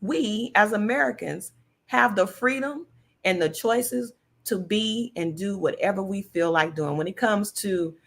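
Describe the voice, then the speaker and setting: A woman's voice: medium pitch, measured pace, vocal fry, a bit bright. A woman hosting a casual political livestream, talking emphatically, repeating her points and answering viewers' comments. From California. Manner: chatty, emphatic, repeats herself, reads viewer comments aloud. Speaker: livestream host.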